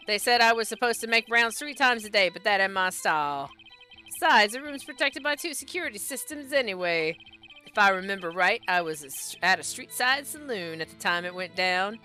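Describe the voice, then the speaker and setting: A woman voicing a drawling cowboy-style male police officer with a slow, theatrical Southern drawl. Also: mid-range voice, pushed and bright.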